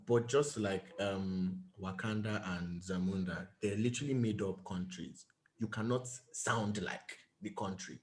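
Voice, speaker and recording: A man's voice: fairly low pitch, a little slow, a little mellow. Emphatic male podcast co-host, roomy echo. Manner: emphatic, repeats himself when making a point. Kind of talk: casual chat.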